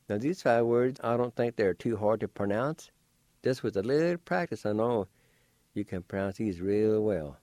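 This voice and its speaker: A man giving a radio language lesson, spelling and pronouncing words slowly and deliberately, letter by letter, and encouraging listeners to practice. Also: fairly low pitch, expressive, a little mellow, dry recording.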